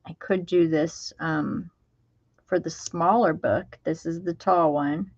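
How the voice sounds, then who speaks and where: A woman's voice: sits low, fairly even intonation, slow pace, no echo, highs cut off. A woman, chatting casually to her viewers while she crafts and talking to herself as she works. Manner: chatty, talks to herself while working, drops into whispers. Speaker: craft video host. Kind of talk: casual crafting vlog chat.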